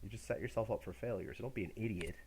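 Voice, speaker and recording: A man's voice: on the low side, rapid-fire, darkish tone, a little hiss or hum. A middle-aged man giving a university lecture in a casual, jokey way, acting out examples as he goes.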